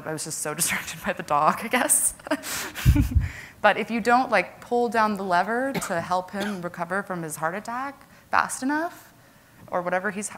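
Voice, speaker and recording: A woman's voice: fairly low pitch, fairly bright tone, slight background noise. A young woman giving a casual conference presentation to a live audience, chatty and full of "like" and "um". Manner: chatty, lots of "like" and "um" fillers.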